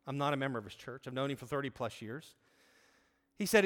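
A man's voice: mid-range voice, very animated, fast, long pauses, fairly bright tone. Earnest man preaching in an echoing hall. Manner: earnest, conversational storytelling with many restarts. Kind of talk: sermon with a personal story. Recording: long reverb of a large hall.

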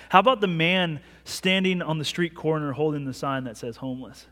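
The pastor, a man in his thirties, speaks in a fairly bright, steady voice on the high side, moving fairly quickly. His sermon feels like conversational storytelling laced with self-deprecating humor, echoing with long reverb through a large sanctuary.

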